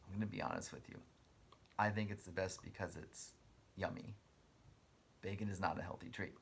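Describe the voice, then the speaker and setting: A man's voice: lowish voice, fairly even intonation, normal speed, a bit bright. A man teaching a guided writing lesson to kindergarten children, spelling words out letter by letter and encouraging them in a friendly way.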